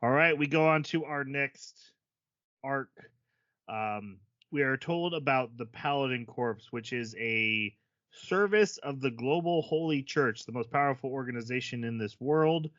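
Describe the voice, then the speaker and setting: Bright-voiced man recapping a story. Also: medium pitch, unhurried, no room sound, dull audio. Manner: summarizes plot at length with many fillers. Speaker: podcast co-host. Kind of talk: casual chat recapping an episode.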